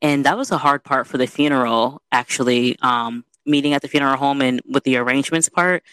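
Young adult woman, lively casual storyteller, dry untreated sound. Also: very deep voice, fairly quick, clean tone, no room sound. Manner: animated, chatty, peppered with "you know".

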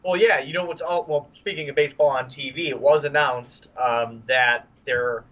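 Jokey podcast guy, bright edgy voice, kinda dull lo-fi sound. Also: mid-range voice, normal speed. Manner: animated, jokey storyteller. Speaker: podcast co-host. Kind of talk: casual sports podcast chat.

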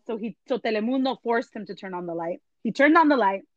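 A woman telling an animated story in a casual chat, switching between English and Spanish. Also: fairly high pitch, quick pace, no echo, dull audio. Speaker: entertainment journalist guest.

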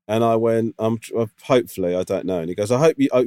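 A man's voice: medium pitch, big pitch swings, racing, few pauses, darkish tone, no room sound, clean studio sound. A man co-hosting a podcast, chatting casually and telling a rambling story full of fillers. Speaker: podcast co-host. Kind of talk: casual chat.

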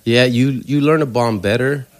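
A man, a stand-up comedian telling stories on a podcast in a casual, animated way, swearing freely. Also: medium pitch, moderate pace. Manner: animated storyteller, swears freely, acts out quoted voices.

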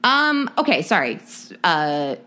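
Brief: woman co-host from California, casual chat, rambling and giggly, very lively swooping pitch. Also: slow. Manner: rambling and giggly, thinks out loud. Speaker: podcast co-host.

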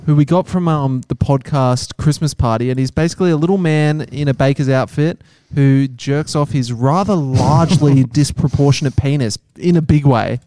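A man's voice: a little high, moderate pace, few pauses, dark tone, no echo. A young man co-hosting a podcast, joking and teasing his co-host. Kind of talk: casual chat. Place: small podcast studio.

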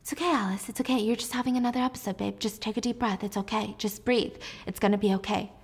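A woman's voice: on the high side, fairly even intonation, fast, breathy edge. A woman voicing a controlling husband who keeps coaxing and reassuring his wife. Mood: soothing. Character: controlling husband, soothing and insistent.

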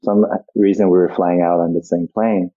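A man's voice: sits low, steady tone, normal speed. A man being interviewed as a guest actor, telling stories reflectively with many restarts, over a tinny phone-like line. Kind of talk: interview conversation.

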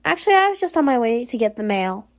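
A woman reading out the lines of a teenage girl in a story game, making quick, breezy excuses. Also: a little high, very animated. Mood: flustered. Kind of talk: reading a story game's dialogue aloud.

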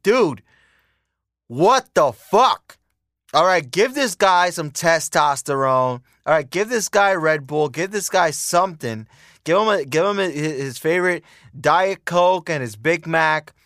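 A young man hosts his own show in a heated, profane rant, circling back over the same points. His voice sits a little high for a man. The sound is dry and close, with no room around it. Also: expressive, moderate pace, a bit bright, no echo. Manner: heated, profane, repetitive ranting. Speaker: podcast host. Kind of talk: casual political rant.

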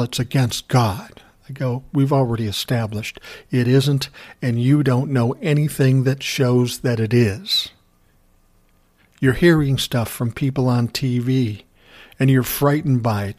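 A man's voice: medium pitch, a little mellow. A man hosting a casual ranting monologue, telling a story in a profane, sarcastic way. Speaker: commentary host.

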